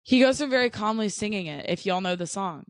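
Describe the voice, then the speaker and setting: A woman's voice: mid-range voice, lively intonation, fast talker, no room sound. Chatty young American woman, dry sound. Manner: chatty, blunt, laughs easily, lots of "like". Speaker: podcast co-host. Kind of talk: casual podcast chat.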